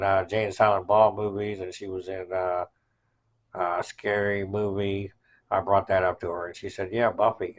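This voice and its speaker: A man's voice: low voice, highs cut off. A man hosting a podcast, casually recapping in a rambling way with many fillers. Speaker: podcast host.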